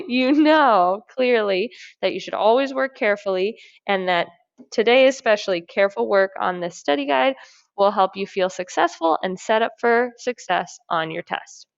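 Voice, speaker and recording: A woman teacher with a gravelly edge to her voice walks students through a math problem, asking herself questions and praising each step in an upbeat, encouraging way. The sound is dry and a little dull, like a modest lo-fi lesson recording. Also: mid-range voice, animated, moderate pace, no room sound.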